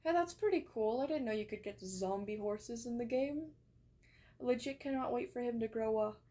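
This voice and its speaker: Chatty young woman streaming, higher voice. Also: normal speed, mellow. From England. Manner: chatty, rambling, swears and laughs easily. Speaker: streamer reading chat. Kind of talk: casual live-stream chat.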